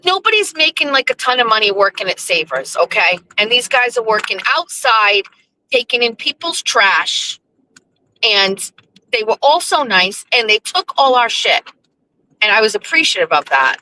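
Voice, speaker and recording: Bright, lively-voiced woman telling a story. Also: fairly high pitch, moderate pace, slight background noise, poor audio. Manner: chatty, profane, filler-heavy storytelling. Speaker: radio show host. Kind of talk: casual storytelling monologue.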